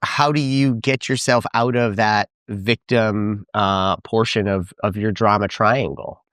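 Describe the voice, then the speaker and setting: A man's voice: lowish voice, steady tone, unhurried, fairly bright tone, dry recording, clean studio sound. A man hosting a podcast interview, asking reflective questions and affirming his guest's points. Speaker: podcast host and physician.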